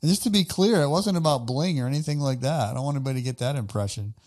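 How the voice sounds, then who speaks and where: A man co-hosting a podcast in casual chat, friendly and quick to laugh along. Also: medium pitch, a little mellow. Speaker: podcast co-host.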